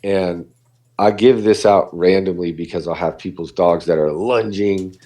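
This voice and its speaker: Man, dog behaviorist, low voice, warm mellow tone, casual animated podcast talk. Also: unhurried. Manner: animated, acts out what dogs and people say.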